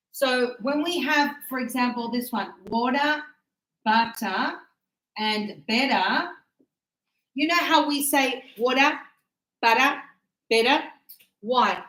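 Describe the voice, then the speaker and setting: A woman with a fairly high voice teaches a grammar class, speaking very slowly and drawing out each example word. She keeps checking whether her students follow. The sound is roomy, with a clear echo. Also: fairly bright tone. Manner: encouraging, checks understanding with tag questions; slow, drawn-out words for teaching. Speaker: English teacher.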